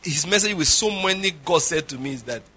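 A man's voice: a little high, expressive, fairly quick, bright, forceful tone, breathy edge. A Nigerian man preaching a sermon as pastor, telling humorous stories and acting out conversations. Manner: humorous storytelling, acts out dialogue, laughs often.

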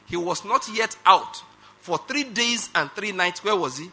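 A man's voice: high voice, expressive, a little slow, sharp tone. A male pastor preaching a sermon, emphatic, asking the congregation rhetorical questions and laughing between phrases.

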